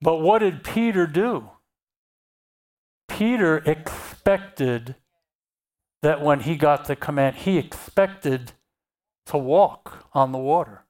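A preacher delivers a sermon at an unhurried, measured pace. Passages of scripture are read aloud and then unpacked, with key phrases repeated for weight. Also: mid-range voice, animated, a little mellow.

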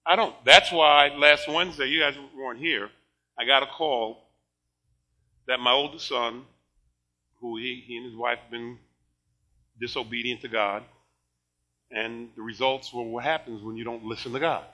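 An older man preaching a sermon, animated and laughing often, moving between shouted praise and quiet storytelling. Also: medium pitch, moderate pace, pauses often, poor audio. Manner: laughs often while talking.

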